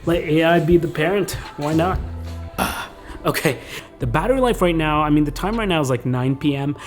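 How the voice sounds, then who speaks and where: A man in his thirties talking casually to camera as a tech vlogger, relaxed and chatty with plenty of fillers. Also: fairly high pitch. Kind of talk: casual vlog talk to camera.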